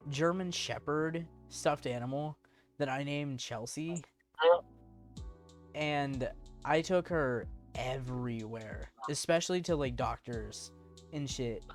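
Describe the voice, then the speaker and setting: A male co-host talking in an unhurried, drawn-out way, his sentences wandering through plenty of fillers. His voice sits in an ordinary middle pitch, and he laughs easily as he tells stories in a loose, casual chat. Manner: rambling, filler-heavy and laughing often.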